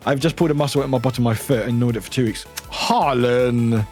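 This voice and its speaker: A man's voice: mid-range voice, brisk, darkish tone, soft background music. A man streaming live, chatting casually in a rambling way, swearing offhandedly and laughing often between remarks. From United Kingdom. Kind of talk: casual chat while gaming live.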